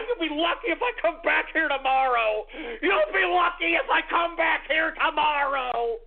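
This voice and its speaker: Male talk radio host, theatrical exasperated rant, raspy fry in a high voice, tinny lo-fi stream. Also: animated, normal speed, hardly any pauses, faint music behind. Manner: exasperated, theatrical ranting, cursing at listeners. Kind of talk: ranting talk radio sign-off.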